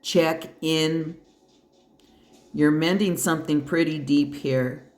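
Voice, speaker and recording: Slow, blunt, cursing tarot reader in an echoey room. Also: medium pitch, fairly even intonation. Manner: blunt, emphatic and profane; encouraging, addresses the listener directly. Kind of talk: pick-a-pile tarot reading. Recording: roomy echo.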